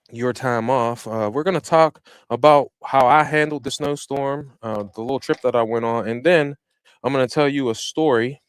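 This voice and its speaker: A man hosting a lawn care podcast, chatting casually from his own small studio. He talks with energy and street slang, and his voice jumps between loud hype and quieter asides. The sound is dry and close to the mic. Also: medium pitch, no room sound. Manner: animated storytelling with slang and shifts in loudness. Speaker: podcast host. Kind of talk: casual chat. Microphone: studio microphone he operates himself.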